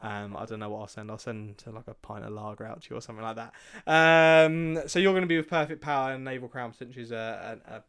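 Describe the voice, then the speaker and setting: A man talks through racing picks in a casual, chatty way. His voice is smooth and clear, pitched mid-range for a man, and he often pauses with ums and restarts his sentences. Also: a bit bright. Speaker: co-host of a racing tips show. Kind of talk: casual chat.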